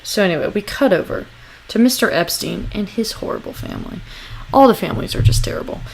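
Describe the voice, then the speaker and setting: A woman's voice: medium pitch, huge pitch swings, quick pace, gravelly, slight background noise. Chatty sarcastic woman podcaster. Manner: chatty, sarcastic, swears, reads scene lines aloud. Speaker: podcast co-host. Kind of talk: casual recap chat.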